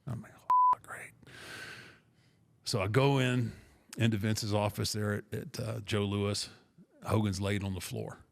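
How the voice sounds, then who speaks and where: A middle-aged man casually telling a rambling, self-deprecating story with restarts, in a gravelly voice. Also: fairly low pitch, wildly swooping pitch, a little slow, fairly bright tone. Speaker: podcast guest storyteller.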